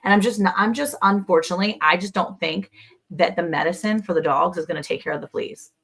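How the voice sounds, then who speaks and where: A woman's voice: on the low side, quick pace, gravelly, a bit bright. Woman, livestream co-host, casual chat, talkative, greets viewers. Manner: chatty, reads out viewer comments.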